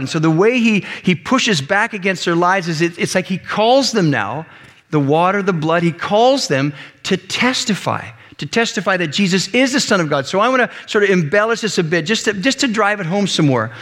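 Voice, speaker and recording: A male pastor giving a conversational, animated sermon with frequent restarts and asides. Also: sits high, moderate pace. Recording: echoey hall reverb.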